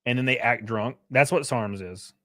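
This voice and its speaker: Young guy streaming and reading chat, swears a lot, rambles with tons of "like", voice jumps up high on jokes. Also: moderate pace. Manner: loose and profane, lots of fillers, jumps between topics; animated, pitch jumps up sharply on bits. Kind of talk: casual livestream chat.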